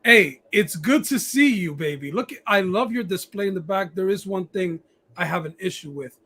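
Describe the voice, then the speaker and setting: Male podcast host, high husky voice, profane and rambling, stammers a lot. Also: moderate pace, bright, forceful tone. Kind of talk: casual live-stream chat.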